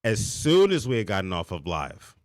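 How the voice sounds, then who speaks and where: A hoarse young man, a bit sick, hosts a late-night live sports reaction stream from close to the mic. His voice sits low, and he rants with animated exasperation, stumbling and restarting as he goes. The sound is dry, with no room behind it. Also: moderate pace, dry recording. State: hoarse, under the weather. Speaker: podcast host.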